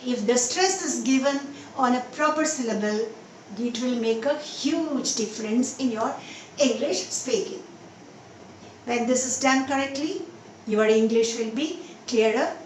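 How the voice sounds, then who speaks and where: A high-voiced woman gives an English pronunciation lesson at an unhurried pace. She poses questions, answers them herself and repeats each example word. The recording is echoey and a little distant, with faint noise behind her. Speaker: English teacher.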